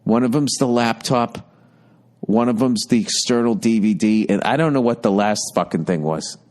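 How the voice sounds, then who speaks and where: A man's voice: medium pitch, a little mellow. A man in his fifties hosting a podcast, telling a rambling comedic story with constant swearing and exasperated ranting. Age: 50s. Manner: profane, exasperated, rapid ranting. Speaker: podcast host. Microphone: podcast studio mic.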